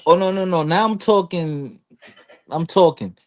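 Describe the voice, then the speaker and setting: Man, panel guest, slightly high voice, loose storytelling style with acted-out quotes. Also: unhurried. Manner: animated storytelling, acts out quotes, frequent fillers. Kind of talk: casual chat.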